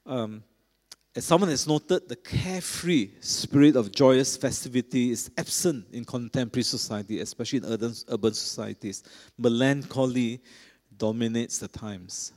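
A man's voice: mid-range voice, moderate pace, a little mellow. A middle-aged man preaching a sermon, talking to the congregation in a conversational way and often checking in with them. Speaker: pastor. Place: large church. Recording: long reverb of a large church.

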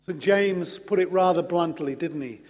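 A man preaching a sermon in an earnest, measured way, pausing slowly for emphasis. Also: a little high, darkish tone. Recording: long hall reverb.

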